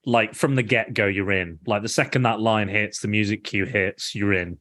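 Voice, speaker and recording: A man's voice: fairly low pitch, fairly even intonation, moderate pace, sharp tone. A man hosting a casual podcast about a film, enthusiastic and rambling with frequent restarts. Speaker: podcast host. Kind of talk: casual film review chat.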